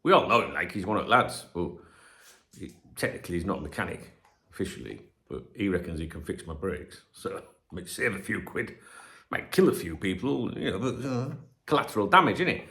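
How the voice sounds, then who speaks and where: A man's voice: sits low, very animated, brisk, fairly bright tone. A man in his forties with a Northern English accent, chatting casually on a home livestream as host, rambling, sweary and jokey. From north of England. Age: 40s. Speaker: channel host.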